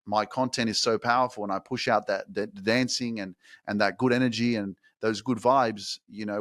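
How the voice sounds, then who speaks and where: A man's voice: on the low side, a bit bright, no room sound, studio quality. A man hosting a motivational podcast, talking casually with a lot of slang and profanity and pushing his listeners hard. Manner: profane, slangy, fired-up exhortation. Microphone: microphone.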